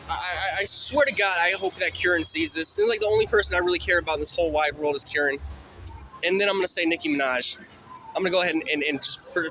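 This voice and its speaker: Walking a city street at night, a man records a rambling vlog, swearing freely as his thoughts tumble out one after another. His voice sits a little high, bright and forceful. Faint street noise and passing cars can be heard behind him.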